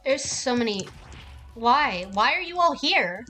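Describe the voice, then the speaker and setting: A woman's voice: a little high, big pitch swings, measured pace, sharp tone, soft background music. A woman streaming a game, ranting casually with heavy swearing. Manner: profane and heated.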